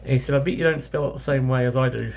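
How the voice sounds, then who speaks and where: A man's voice: mid-range voice, rapid-fire, vocal fry, darkish tone. A man from New Zealand with a New Zealand accent, telling a casual travel story in a rambling way, correcting himself as he goes. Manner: rambling anecdotal, with many self-corrections and fillers. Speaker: travel vlogger.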